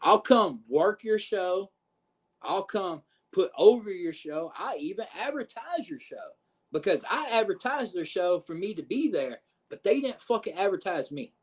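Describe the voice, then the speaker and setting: A man telling a backstage wrestling story on a podcast, animated and profane, acting out what others said. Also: high-pitched, normal speed. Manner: profane, animated retelling with quoted voices. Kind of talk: casual storytelling.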